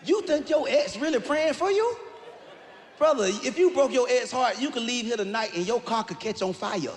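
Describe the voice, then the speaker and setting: A man doing live stand-up comedy, telling stories with animated, playful asides to the crowd. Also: very high-pitched, moderate pace. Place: large live comedy venue. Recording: reverberant live venue with faint room noise.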